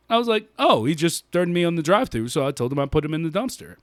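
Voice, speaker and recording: A man's voice: fairly high pitch, fast, dry recording. A man on a podcast telling stories in a casual chat, laughing often and drawing out his punchlines. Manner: animated, laughs often mid-story. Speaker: podcast co-host.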